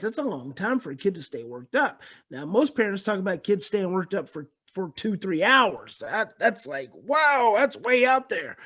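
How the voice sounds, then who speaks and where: A man giving an earnest lecture about parenting. He tells a personal story, repeats key points and explains them calmly. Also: sits high, husky. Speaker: speaker on parenting and attachment.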